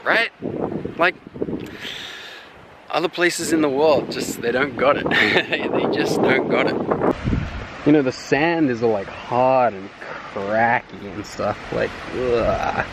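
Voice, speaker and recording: A man's voice: medium pitch, slow. Australian guy, casual travel vlogger, rambling and profane, wind and traffic noise on a camera mic. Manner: rambling, profane, animated when telling stories. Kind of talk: casual walking vlog. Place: outdoors by a windy beach and city road.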